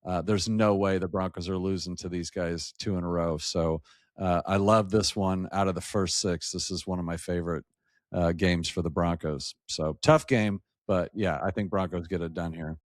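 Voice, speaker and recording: A man, a podcast guest who hosts his own show, telling football stories in a lively, joking way over a video call. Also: low-pitched, moderate pace, dry recording, studio quality. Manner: lively, animated storyteller, jokey. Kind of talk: casual sports chat.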